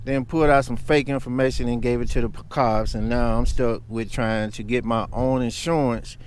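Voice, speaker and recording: A man's voice: mid-range voice, fairly even intonation, normal speed, a little hiss or hum. A man vlogging, telling a story in a heated, emphatic rant.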